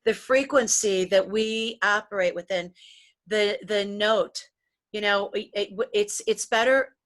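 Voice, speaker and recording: A woman's voice: medium pitch, fairly even intonation, a little slow. A middle-aged American woman and psychologist co-hosting a wellness show, talking in an earnest, preachy way and often repeating words as she starts sentences. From United States. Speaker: podcast co-host, psychologist. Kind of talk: motivational wellness chat.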